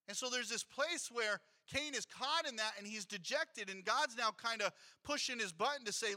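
A pastor in his thirties delivers a sermon in a church with a very bright, ringing voice. He sits high for a man and tells stories with animation, slipping into the voices of the people he quotes. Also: normal speed, few pauses. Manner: storytelling, animated, acts out quotes. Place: church sanctuary.

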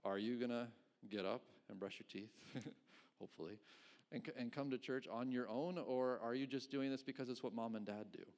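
A middle-aged pastor preaching in an easy, conversational way. He tosses out rhetorical questions and gives small chuckles between his points. His voice sits at an ordinary middle pitch for a man. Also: moderate pace, a little mellow. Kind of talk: sermon.

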